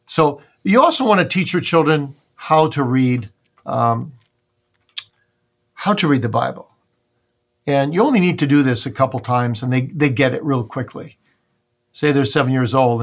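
A man's voice: medium pitch, moderate pace, long pauses, muffled recording. A man being interviewed as a pastor and author, giving earnest teaching in numbered points with homely family examples. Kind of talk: instructive interview answers.

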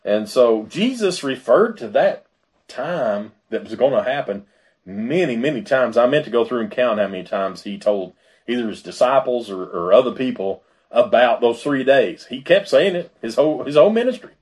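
A man's voice: mid-range voice, lively intonation, moderate pace, a little mellow. A man preaching a sermon in a conversational way, with fillers and asides. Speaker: pastor.

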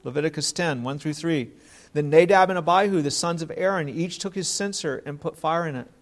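A man's voice: on the high side, a little fast. A man preaching a sermon, earnest, posing rhetorical questions, quoting scripture and repeating words as he thinks.

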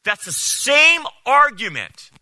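A man preaching a sermon as a pastor, animated and incredulous, often mocking what others say. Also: very high-pitched, slow pace, no room sound.

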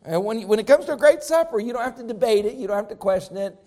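A man's voice: sits high, lively intonation, quick pace, dark tone. A man preaching a sermon to his congregation, with an emphatic, rising and falling preaching cadence. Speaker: pastor.

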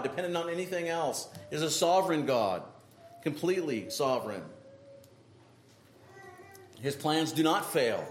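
A man preaching a sermon, emphatic, often checking in with the congregation with a quick "right?". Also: a little high. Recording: echoey room with faint noise.

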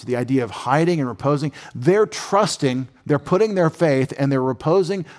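A man's voice: fairly high pitch, a little mellow. Folksy man teaching Bible words. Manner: explains words slowly, restarts often, folksy. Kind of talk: casual classroom lecture.

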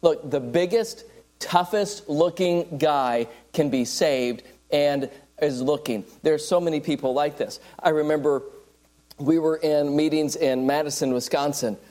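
A man's voice: a little high, unhurried, a little mellow. A man preaching a sermon, telling stories and acting out the people in them. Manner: storytelling, acts out quoted people. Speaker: traveling evangelist preacher.

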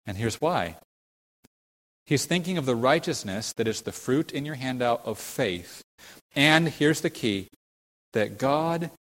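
A man preaching a sermon to his congregation, explaining scripture earnestly and putting questions to his listeners, rising to fervent emphasis when he quotes it. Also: long reverb tail. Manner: builds to fervent, high-pitched emphasis when quoting scripture. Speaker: pastor.

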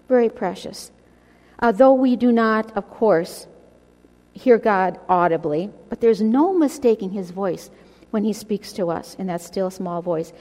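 A woman's voice: mid-range voice, mellow. A woman teaching a women's Bible study, speaking earnestly and addressing her listeners directly as she exhorts them. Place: church. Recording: long hall reverb.

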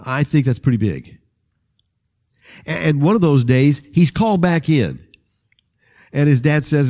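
A man's voice: medium pitch, normal speed, pauses often. A man preaching a storytelling sermon, talking straight to his listeners in a conversational way. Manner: animated, conversational, addresses listeners directly.

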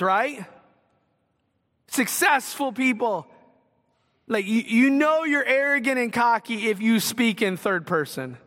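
Long hall reverb surrounds a very high, pushed and bright male voice. The speaker, a pastor from Northwest Ohio, delivers an earnest, conversational sermon full of direct questions to the congregation.

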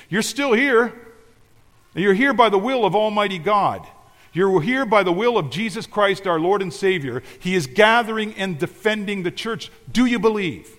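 A male pastor preaching a sermon, emphatic, moving between loud declarations and quiet, intimate asides. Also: sits high, big-room sound.

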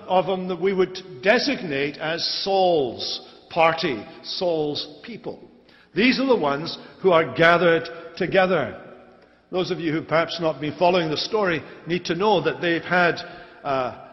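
A male pastor preaching an expository sermon, emphatic and repeating key phrases for stress. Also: sits high. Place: church sanctuary. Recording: dull lo-fi sermon recording with long church reverb.

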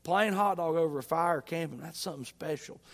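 Male pastor, high voice, folksy conversational sermon, long church reverb. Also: fairly quick. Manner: folksy, conversational preaching with rising emphasis. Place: church sanctuary.

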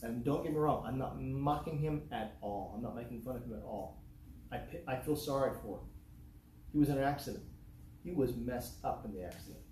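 A man's voice: medium pitch, brisk, darkish tone. A man from the United States preaching a sermon in earnest, repeating his points in rhetorical lists. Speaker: pastor. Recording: echoey room, faint background noise.

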